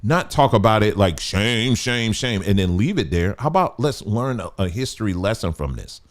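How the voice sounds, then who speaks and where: A man's voice: on the low side, big pitch swings, fairly quick. A man hosting a livestream, talking emphatically, repeating his points and asking rhetorical questions. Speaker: livestream host. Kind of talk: livestream commentary.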